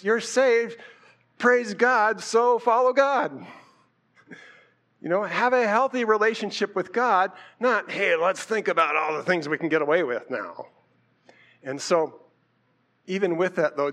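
A man's voice: high-pitched, fairly bright tone. A man preaching a sermon in a casual, conversational way, asking rhetorical questions. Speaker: pastor.

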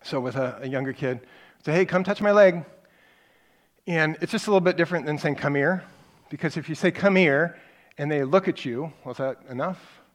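A middle-aged man teaching a parenting class, telling stories in a conversational way and stressing his main points with repetition. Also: a little high. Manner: conversational storytelling with emphatic repeated points; acts out parent and child lines in quick snippets.

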